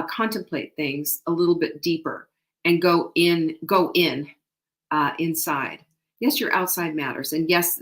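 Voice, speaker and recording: A woman's voice: sits low, a bit bright. A middle-aged woman hosting a show, giving motivational tips in an emphatic, conversational way and repeating key phrases. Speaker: show host.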